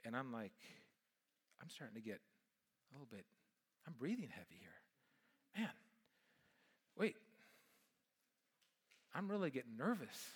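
A middle-aged man, a pastor, preaching a sermon and telling a personal story in an animated way that swings between loud and hushed. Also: mid-range voice, a little slow, long pauses, slightly rough.

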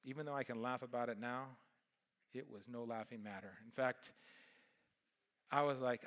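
Preaching a sermon, a middle-aged pastor tells a personal anecdote, swinging animatedly between loud passages and hushed ones. He has a mid-range voice, keeps a normal speed, and leaves long pauses.

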